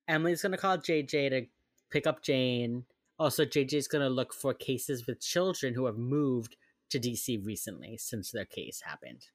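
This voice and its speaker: A woman's voice: a bass voice, expressive, normal speed, no room sound, clean studio sound. A woman chatting casually on a podcast, recapping a TV episode and acting out the characters' lines with lots of laughter. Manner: swears casually. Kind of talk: casual chat.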